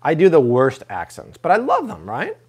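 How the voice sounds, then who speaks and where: A man's voice: a little high, moderate pace, breathy edge. A man hosting a live cooking stream from a kitchen, chatty and full of jokes. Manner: animated, jokey, chatty. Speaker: cooking show host.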